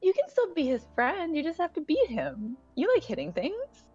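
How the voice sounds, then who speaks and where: A woman's voice: high voice, wildly swooping pitch, normal speed, darkish tone, soft background music. A woman playing a tabletop game, eager and bubbly. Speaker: player. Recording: dull lo-fi audio.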